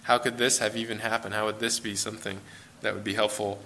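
A man with an American accent preaching a sermon in a church, conversational and relaxed, with fillers and self-corrections. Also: fairly low pitch, fast, a little hiss or hum.

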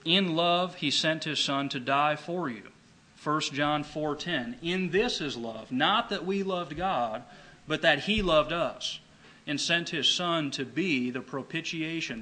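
Bright-voiced male preacher, emphatic. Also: fairly high pitch, poor audio. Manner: emphatic, repeats key phrases, slows for scripture. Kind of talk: sermon.

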